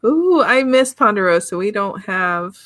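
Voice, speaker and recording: Laughing host with a dry close sound. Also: female voice, medium pitch, animated, unhurried, fairly bright tone, no room sound. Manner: laughs often, playful. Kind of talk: casual chat.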